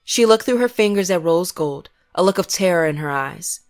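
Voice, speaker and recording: A woman giving scripted first-person horror narration in a measured, grim way. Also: fairly low pitch, expressive.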